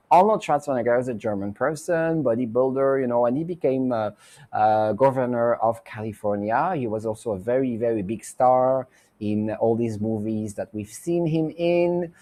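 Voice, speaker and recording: In Mexico, a man hosts a psychic talk show, chatting loosely through a tarot reading with lots of fillers and restarts. His voice is mid-range and warm.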